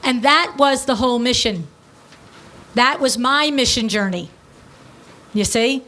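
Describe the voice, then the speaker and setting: Here a middle-aged woman, both business owner and podcast host, recounts a tale in a lively, offhand way. She has a high voice, keeps things blunt and breezy, and slips in fast asides.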